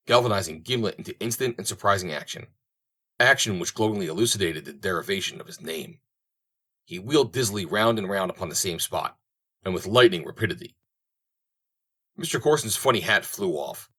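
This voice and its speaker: A man reading a western novel aloud in a steady, storytelling manner. His voice is deep and low-pitched, with measured, even delivery through the action. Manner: steady storytelling, voicing each character. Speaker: audiobook narrator. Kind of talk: audiobook narration.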